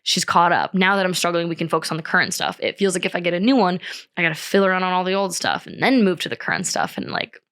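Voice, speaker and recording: A young woman hosts her own podcast in a casual, confessional chat. Her voice sits a little low but swings widely, with a bright, forward tone. She talks openly, peppering her speech with "like," "um," and plenty of swearing. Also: big pitch swings, fast talker. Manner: candid, swears often, many "like" and "um" fillers. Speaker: podcast host.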